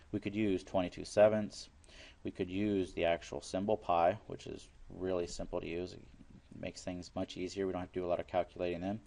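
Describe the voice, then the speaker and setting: Low-voiced male teacher walking through a math lesson, plain and patient, repeats key steps. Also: darkish tone. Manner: plain explanatory, repeats steps, works problems aloud.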